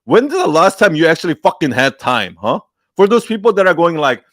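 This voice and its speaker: A man with a fairly high voice speaks straight into a close, dry mic. He hosts a live Q&A and lectures bluntly, swearing freely, and he mimics people's excuses in whiny little voices. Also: sing-song, fairly quick, a bit bright, no echo. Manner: blunt, profane, heated, mocks excuses in put-on whiny quotes. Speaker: host of a live Q&A. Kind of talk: unscripted livestream pep talk.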